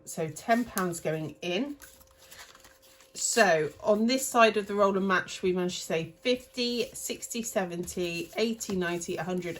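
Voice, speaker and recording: A woman in her thirties chats casually as she sorts cash into budget envelopes for her cash stuffing vlog, rambling and correcting herself. Her voice is low-pitched, and a little hiss or hum comes through.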